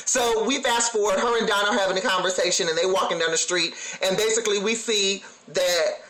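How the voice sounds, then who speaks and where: A man giving a sassy, animated, slang-heavy casual review of a TV episode. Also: high voice, a little fast. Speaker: TV recap vlogger. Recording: echoey room.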